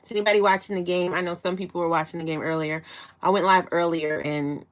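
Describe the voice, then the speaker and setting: Talking fast with a lowish voice and fairly even intonation, a giggly young woman from Chicago chats with her livestream audience. She's in her 20s and reads out viewer comments.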